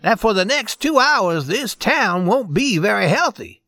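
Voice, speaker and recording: Excited young messenger, performed by a man: raised pitch, urgent, lively delivery. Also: unhurried, dry recording, studio quality, heavily acted.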